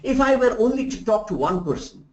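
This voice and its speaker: Animated male trainer in a roomy room. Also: sits high, brisk. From India. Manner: animated, rhetorical questions, demonstrates examples. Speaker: soft skills trainer. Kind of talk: live remote lecture. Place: room in Bangalore. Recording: roomy, dull lo-fi sound.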